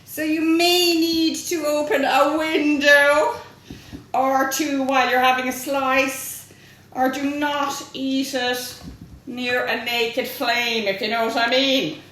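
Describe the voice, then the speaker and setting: High-voiced, jokey Irish woman baking. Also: flat delivery, slow, a bit bright, recorded from a distance, slight background noise. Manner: playful, jokey, sing-song asides. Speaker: home baking vlogger. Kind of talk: chatty cooking demonstration. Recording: echoey room.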